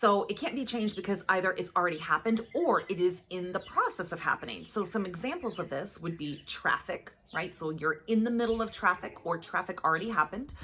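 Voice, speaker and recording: A woman's voice: fairly low pitch, a little fast, hardly any pauses, slight background noise. A woman life coach teaching a self-help lesson in a casual way, checking in with "okay?" and "right?" after each point and acting out her examples. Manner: acts out examples in lively voices.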